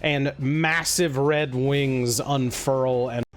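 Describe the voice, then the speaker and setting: A man running a tabletop game as dungeon master, narrating slowly with lots of fillers. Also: mid-range voice, fairly even intonation. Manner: slow, hesitant narration with fillers.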